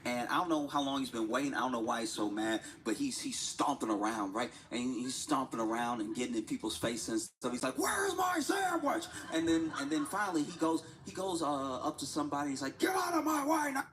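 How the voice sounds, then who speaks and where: A man's voice: medium pitch, fairly quick, hardly any pauses, poor audio. Rambling, laughing man on a livestream. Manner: rambling storytelling, laughs often, repeats himself. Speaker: livestreaming artist. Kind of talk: casual livestream chat. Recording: steady background noise.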